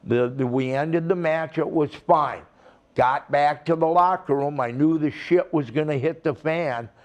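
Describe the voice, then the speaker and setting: Slow-talking older man spinning a rambling yarn. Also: fairly high pitch. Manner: rambling, profane, acts out the people in his stories. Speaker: retired wrestler guest. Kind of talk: casual storytelling interview.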